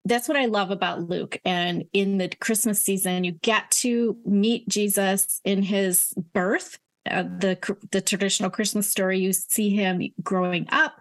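A woman's voice: medium pitch, steady tone, a little slow. A middle-aged woman, an author, speaking earnestly in a casual interview about her faith, with some fillers and restarts. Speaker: author guest. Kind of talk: casual Christian interview talk.

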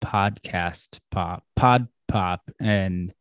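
A man's voice: sits low, drawn-out words, no echo, studio quality. A man hosting a podcast, joking around in casual chat. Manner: jokey, playful. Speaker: podcast host.

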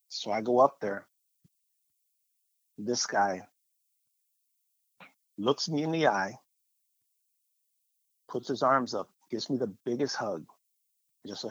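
A man sharing a personal testimony in a lively storytelling way, acting out the voices of the people he quotes. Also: mid-range voice, measured pace, pauses often, breathy edge, dry recording. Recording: dull, muffled sound.

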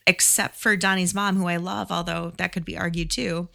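A woman's voice: fairly low pitch, little pitch movement, normal speed, gravelly, sharp tone. A woman, a podcast guest, chatting casually and giving firm opinions with frequent laughs. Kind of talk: casual chat.

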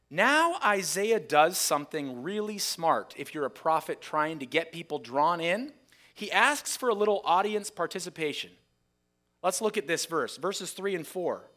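A man preaching a sermon, reading scripture aloud dramatically and acting out the voices of a shouting crowd. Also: sits high, expressive, moderate pace. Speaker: pastor.

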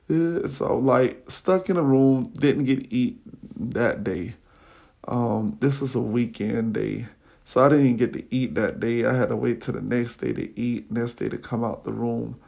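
A man's voice: mid-range voice, a little slow, vocal fry, a little mellow. A man hosting a podcast, casually telling a personal story in slangy talk with many fillers. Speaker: podcast host.

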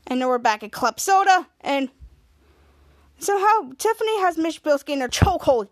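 A woman's voice: extremely high pitch, lively intonation, brisk. A woman hosting a podcast, retelling a TV episode in a rambling, run-on way with many restarts. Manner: quotes characters in a raised voice. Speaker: podcast host. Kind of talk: casual episode recap.

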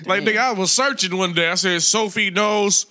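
A man's voice: sits high, fast talker, sharp tone, faint music behind. A man co-hosting a casual podcast chat, joking and rambling in slang. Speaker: podcast co-host.

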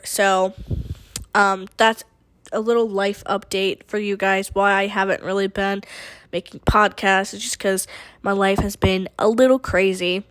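A woman's voice: mid-range voice, little pitch movement, measured pace, a bit bright, dry recording. A young woman hosting her own podcast, giving listeners a casual, emotional life update that rambles with lots of fillers. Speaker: podcast host.

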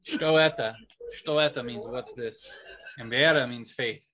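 Bright, easygoing American host. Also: male voice, mid-range voice, fairly even intonation, normal speed. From United States. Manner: easygoing, agreeable, short replies. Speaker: podcast host. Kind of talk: casual chat.

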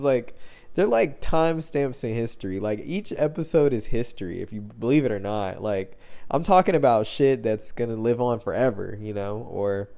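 A man's voice: mid-range voice, vocal fry, mellow. A young man hosting a solo podcast, rambling loosely in heavy slang with lots of filler words. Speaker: podcast host.

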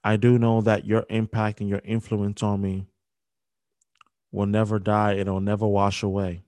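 A young man hosting a podcast, speaking a halting, grief-filled dedication with many restarts. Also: lowish voice, completely flat delivery, darkish tone, dry recording. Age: young adult. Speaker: podcast host. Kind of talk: emotional spoken dedication.

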